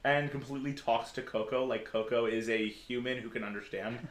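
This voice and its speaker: A man's voice: medium pitch, fairly even intonation, fairly quick, echoey room, a little hiss or hum. A man running a tabletop game as game master, narrating with lots of filler words. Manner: rambling with many "like" fillers.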